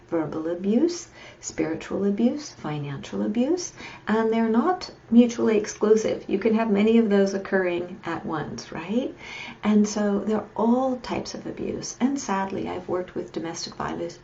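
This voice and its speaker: A woman's voice: fairly low pitch, vocal fry, mellow, muffled recording, slight background noise. A woman psychologist giving earnest, emphatic advice in a live video chat, often checking in with "right?". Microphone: computer or webcam mic on a video chat.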